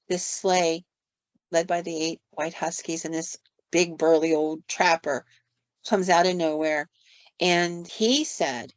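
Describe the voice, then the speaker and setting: A woman's voice: lowish voice, dry recording. Woman co-host spinning ghost tales in a loose, chatty way; muffled dry recording. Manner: casual retelling with fillers and quoted asides. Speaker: podcast co-host telling ghost stories. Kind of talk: storytelling on a podcast. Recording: dull lo-fi dry sound.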